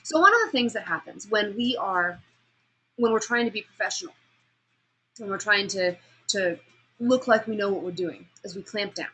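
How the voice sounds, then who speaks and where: A woman teaching a class on public speaking, lecturing lively and demonstrating pitch and emphasis as she explains. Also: normal speed, slightly rough, poor audio.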